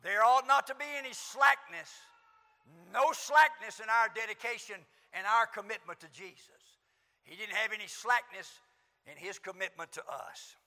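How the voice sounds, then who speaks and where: High, bright-voiced impassioned preacher. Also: male voice, normal speed. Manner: impassioned, swings from hushed to shouting. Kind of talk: sermon. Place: auditorium. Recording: long hall reverb.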